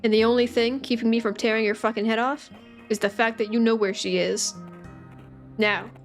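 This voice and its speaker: A woman's voice: a little high, steady tone, normal speed, faint music behind, lightly acted. A woman voicing an aggressive, bullying young man while reading game dialogue aloud. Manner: rough and threatening.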